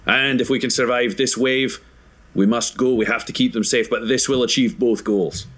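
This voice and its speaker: A man's voice: medium pitch, fairly even intonation, normal speed, a bit bright, natural voice. An earnest, commanding hero, as a player puts him on, speaks in formal, resolute sentences. He sounds like a character in a tabletop adventure.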